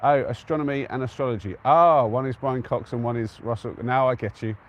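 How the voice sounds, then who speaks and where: A medium-pitched man from England speaks a little fast, casually chatting to his live-stream audience. He's on an open hilltop at a trig point without wind, answering comments in an easygoing manner.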